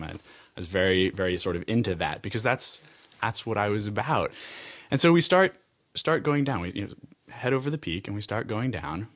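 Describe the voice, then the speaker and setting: An American man with a low, grounded voice tells a personal story aloud. He rambles cheerfully, laughs often and trips over his own phrases as he goes. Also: expressive, fairly quick, fairly bright tone. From United States.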